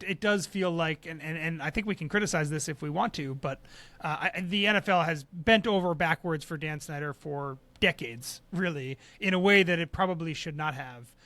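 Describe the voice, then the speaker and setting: A man co-hosting a sports business podcast, laying out his views in a measured, analytical way. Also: fairly high pitch, sharp tone, no room sound. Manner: measured, analytical, some hesitations. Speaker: podcast co-host. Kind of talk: casual sports business chat.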